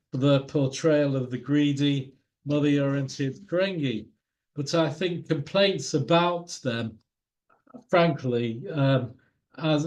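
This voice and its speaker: A man's voice: a little high, darkish tone. A man giving an illustrated talk with slides, in an opinionated, wry way. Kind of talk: lecture with slides.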